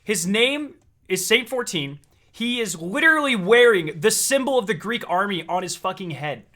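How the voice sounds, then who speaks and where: Excitable, foul-mouthed young man streaming. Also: high-pitched, moderate pace. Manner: excitable, profane, laughing. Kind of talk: casual live reaction stream.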